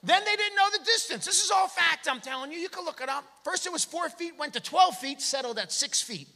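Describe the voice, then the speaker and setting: Male stand-up comic, high-pitched, lively, acts out shouted bits, live theater reverb. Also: brisk. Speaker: stand-up comedian. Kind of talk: stand-up comedy set. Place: theater stage. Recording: long hall reverb from a theater.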